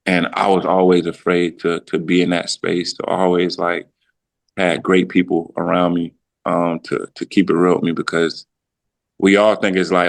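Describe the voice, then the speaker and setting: A man's voice: low-pitched, flat delivery, normal speed, vocal fry. A man in his thirties, a podcast guest, talking loosely about his career, with frequent restarts and his own thoughts quoted aloud. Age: 30s. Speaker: podcast guest, former pro football player. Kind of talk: casual reflective storytelling.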